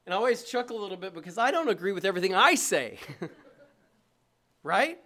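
High-voiced preaching pastor. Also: male voice, very animated, brisk, pushed and bright. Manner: emphatic preaching with call-and-response asides. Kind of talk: sermon. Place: church.

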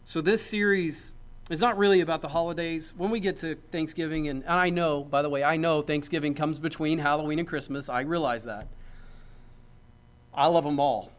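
A man's voice: fairly high pitch, moderate pace. A man, a pastor, preaching a sermon in a conversational, joking way that builds to emphatic points.

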